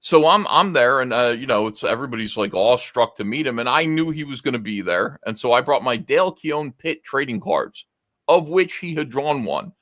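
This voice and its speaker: A man's voice: mid-range voice, lively intonation, brisk, a bit bright, dry recording, studio quality. A middle-aged man hosting a livestream, telling a rambling anecdote with many fillers, restarts and casual swearing. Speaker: host.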